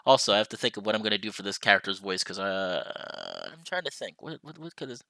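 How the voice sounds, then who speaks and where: A man's voice: lowish voice, sing-song, quick pace, creaky, few pauses, pushed and bright, dry recording. A young man streaming a visual novel, reading it aloud and chatting to viewers in a playful, apologetic way.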